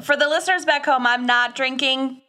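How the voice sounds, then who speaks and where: A woman co-host in a casual podcast chat who keeps an upbeat tone and jumps in quickly. Her voice is fairly high, bright and forceful.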